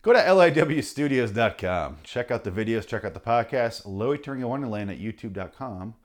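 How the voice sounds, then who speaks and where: A podcast host reads his comic rants in a medium-pitched voice with lively intonation, talking a little fast. He's angry and sarcastic, swearing heavily and now and then mocking people in put-on voices.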